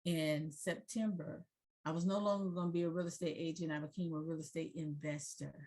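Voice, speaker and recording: In an interview, a middle-aged woman who is both a pastor and investor tells her story with fervent, preacher-like delivery, quoting scripture and building to shouts. Her voice is low, a little fast, with fairly even intonation.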